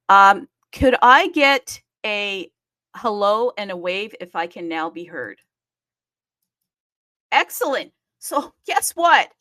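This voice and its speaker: Chatty bubbly lady hosting a live audio room, laughs a lot, voice jumps up when excited, dry close mic. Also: mid-range voice, no echo. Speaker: host of a live audio space. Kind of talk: casual live-stream chat.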